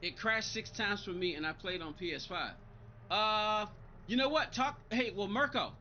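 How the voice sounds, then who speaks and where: A man's voice: high-pitched, normal speed, highs cut off, slight background noise. A man live-streaming a racing game, chatting loosely with his viewers, irritated and rambling, often repeating himself. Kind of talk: casual live-stream chat reading viewer comments.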